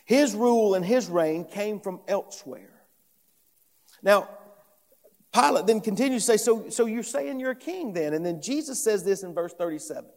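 A man's high-sitting voice with a darkish tone fills a large, reverberant hall as he preaches an earnest expository sermon. He is a pastor, emphatic in delivery, and he often repeats phrases while building each point.

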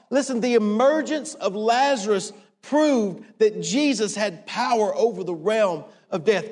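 A man preaching a sermon, emphatic and repetitive, swinging from hushed to raised. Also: high voice, unhurried, in a large hall. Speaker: pastor.

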